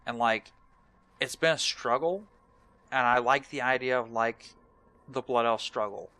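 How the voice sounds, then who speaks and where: Young male let's play host, bright and talkative, rambling and self-deprecating. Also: mid-range voice, measured pace, no room sound. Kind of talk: casual gaming commentary.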